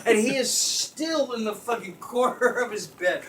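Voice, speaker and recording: A young man telling a comic story in casual chat, laughing constantly, swearing and acting out loud screams. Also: high-pitched, a little fast, few pauses. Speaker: storyteller guest. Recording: distant mic with faint background noise.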